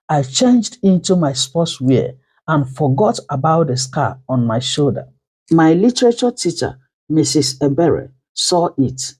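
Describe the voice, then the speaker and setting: A woman narrating a dramatic first-person story with slow, emotional delivery. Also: sits low, a little mellow, slightly rough.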